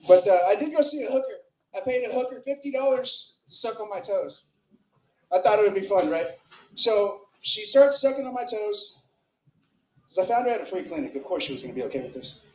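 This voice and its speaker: Male stand-up, high voice, crude rambling open mic delivery, roomy club sound. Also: animated, a little fast, a bit bright. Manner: crude, rambling delivery with fillers and shifting volume. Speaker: stand-up comedian. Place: comedy club with live audience.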